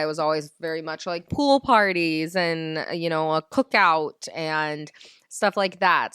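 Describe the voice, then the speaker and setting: A woman's voice: on the low side, a bit bright, clear, resonant tone, no echo, clean studio sound. A woman hosting her gaming channel, chatting casually and rambling with lots of fillers. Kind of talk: casual gameplay commentary.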